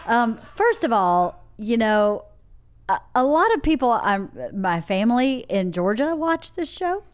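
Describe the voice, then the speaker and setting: A woman guest on a podcast talks slowly and haltingly, often restarting what she says. Her voice sits high and rises and falls in a lively way. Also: slight background noise. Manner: hesitant, starts sentences over. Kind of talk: casual chat.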